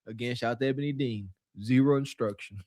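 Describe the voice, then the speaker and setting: A man's voice: mid-range voice, quick pace, background noise. A man co-hosting a podcast, giving mocking commentary and acting out quotes in character. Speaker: podcast co-host.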